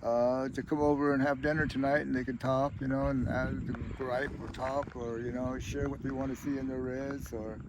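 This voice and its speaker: A middle-aged man tells his stories outdoors in a loose, rambling way, with "you know" in nearly every sentence. His pitch sits in the ordinary middle range. A faint hum of outdoor ambience and passing traffic runs underneath. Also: little pitch movement, moderate pace, few pauses. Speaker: tribal chair candidate. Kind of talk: casual storytelling interview.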